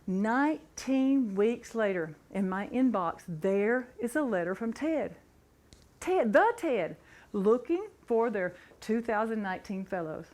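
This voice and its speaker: A middle-aged woman giving a motivational talk, telling her story with animated, building excitement. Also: medium pitch. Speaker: motivational speaker.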